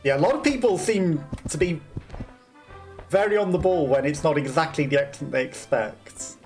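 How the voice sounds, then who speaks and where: A man's voice: on the high side, normal speed, soft background music. A man casually commentating on his gameplay as a let's play host, chatting freely and laughing often between remarks.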